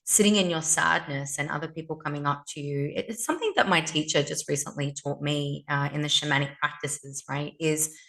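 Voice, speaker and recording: A woman's voice: sits low, fairly even intonation, fairly quick, gravelly, hardly any pauses, fairly bright tone. A woman co-hosting a podcast in casual chat, passionate and outspoken, swearing freely as she talks. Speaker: podcast co-host.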